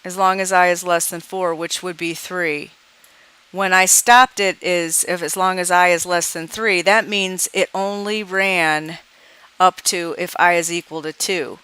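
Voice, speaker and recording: Bright, clear woman teaching code. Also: on the low side, fairly even intonation, unhurried, dry recording. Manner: thinking aloud while debugging, reading dialog lines aloud. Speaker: programming teacher. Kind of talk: screencast coding tutorial.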